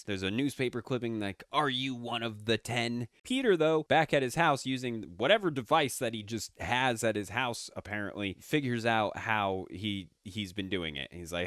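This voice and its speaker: Brief: young male reviewer, mid-pitched, sarcastic and profane, very dry close sound. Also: expressive, normal speed, few pauses, fairly bright tone, dry recording. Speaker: movie reviewer. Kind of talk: casual movie commentary.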